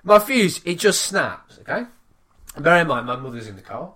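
A man tells an animated story in casual conversation. His voice sits high and jumps around a lot. He swears freely and acts out his own shouting. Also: normal speed, a little hiss or hum. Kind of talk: casual chat, animated anecdote.

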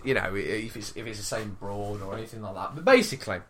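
A man telling a road-rage story in casual chat, swearing and acting out his own shouting. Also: on the low side, quick pace. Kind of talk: casual chat, animated anecdote.

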